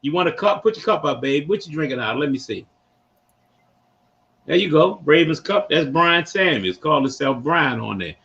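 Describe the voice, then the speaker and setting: Older man, Baltimore accent, rambling slangy host, high-pitched, dull lo-fi sound. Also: moderate pace, creaky. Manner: rambling, animated storytelling with slang. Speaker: podcast host. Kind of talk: casual sports talk. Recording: dull lo-fi recording.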